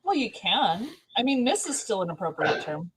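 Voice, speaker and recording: A woman chatting casually on a live stream, animated and often laughing, mock-indignant. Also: medium pitch, normal speed, husky, no room sound, poor audio. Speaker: co-host. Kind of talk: casual chat.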